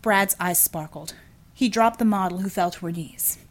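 A woman narrating an audiobook in an expressive, animated storytelling manner. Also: mid-range voice, moderate pace.

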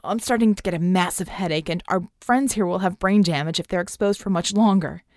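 A woman voicing a hoarse young woman hacker who shouts urgent instructions. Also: on the low side, brisk, dry recording, clean studio sound, natural voice.

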